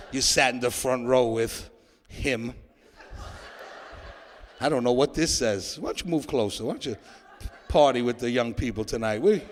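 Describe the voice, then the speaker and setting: A man's voice: mid-range voice, fairly bright tone, a little hiss or hum. A man performing a stand-up comedy set, joking and riffing with an audience in a church hall.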